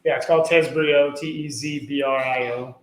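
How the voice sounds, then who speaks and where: A man's voice: medium pitch, steady tone, normal speed, roomy sound, low-quality recording. A middle-aged man, a podcast guest, talking earnestly in a rambling casual way with many fillers and restarts. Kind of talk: casual conversational interview.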